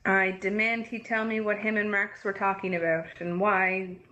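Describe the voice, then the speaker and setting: A woman's voice: medium pitch, little pitch movement, moderate pace, sharp tone, muffled recording. A woman playing a tabletop game, blunt and insistent in her questions. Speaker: player.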